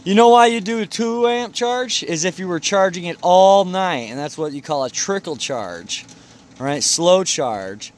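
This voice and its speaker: A man's voice: high voice, expressive, unhurried. A man vlogging outdoors in the cold beside his car, rambling and joking to himself as he works. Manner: rambling, jokey and self-talking. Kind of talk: casual vlog.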